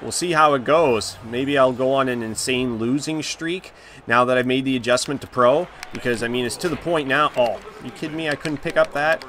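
A man commenting live on the hockey video game he is playing, reacting loudly to each play and groaning at his mistakes. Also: medium pitch, normal speed, slight background noise. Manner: excitable, reacts loudly, groans and laughs at plays. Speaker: gaming channel host.

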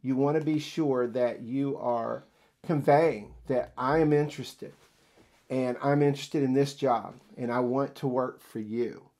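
A man's voice: mid-range voice, a little slow. A man giving casual career advice on job interviews, acting out quoted lines from employers and candidates. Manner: animated, acts out quoted dialogue. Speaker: career coach. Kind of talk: casual instructional talk.

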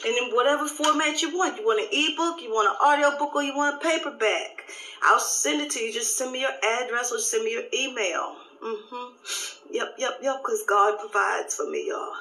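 A woman pastor giving an animated, live-streamed devotional talk, repeating her phrases and laughing often. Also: a little high, moderate pace, slight background noise, poor audio.

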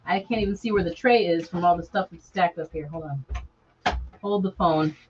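A woman's voice: on the low side, normal speed, muffled recording, noisy background. A woman from Chicago, chatting casually and joking with viewers on a live stream while working on a sewing project at home. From Chicago, USA. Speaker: sewing vlogger.

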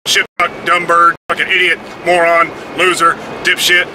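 A man's voice: a little high, monotone, normal speed. A man telling a blunt, heavily profane story as a casual vlog rant. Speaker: vlogger. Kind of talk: casual ranting monologue. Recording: noisy, with vehicle and traffic sounds.

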